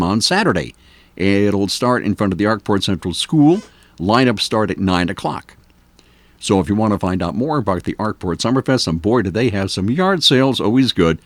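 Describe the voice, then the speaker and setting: Older male AM radio host, opinionated and chatty with lots of fillers, animated delivery, close dry studio mic. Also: on the low side, dry recording. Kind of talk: casual talk radio commentary.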